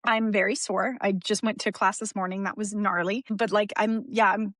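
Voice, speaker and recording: Woman, podcast guest, candid and emotional, rambling with restarts, soft laughs, dry recording. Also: mid-range voice, steady tone, moderate pace, no echo. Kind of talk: candid conversational interview.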